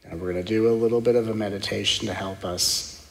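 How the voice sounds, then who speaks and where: A man, a spiritual teacher, leading a guided meditation in a soft, slow, gently reassuring way, repeating affirmations. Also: on the low side, fairly even intonation, creaky. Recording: long hall reverb.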